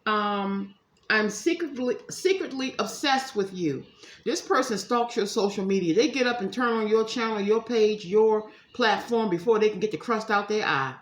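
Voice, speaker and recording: A woman's voice: mid-range voice, moderate pace. A woman giving a casual tarot reading to her viewers, chatty and emphatic, calling them y'all. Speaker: psychic tarot reader. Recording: echoey room, faint ambience.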